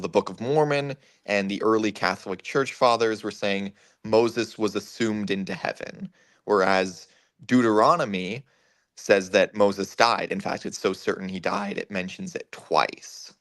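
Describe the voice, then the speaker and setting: A man on a video call explaining biblical scholarship in a measured way. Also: fairly low pitch, fairly bright tone.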